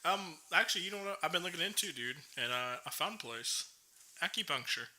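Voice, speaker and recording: Giggly young man with a bright voice. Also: on the high side, expressive, a little fast. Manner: giggly, laughs often, says dude and bro. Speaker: podcast co-host. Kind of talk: casual chat. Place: podcast studio.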